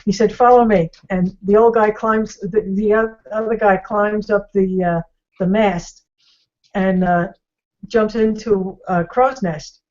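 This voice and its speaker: A woman's voice: mid-range voice, steady tone, takes it slowly, a little mellow, highs cut off. Woman retelling a story with fillers. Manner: rambling, with many fillers and restarts. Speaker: discussion host. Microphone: video call.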